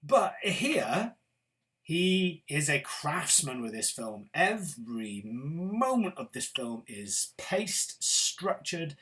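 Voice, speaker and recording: A man's voice: a little high, sing-song, slow pace, fairly bright tone. A man from Britain hosting a casual film review chat, enthusiastic and opinionated, with the odd swear word. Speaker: film show host.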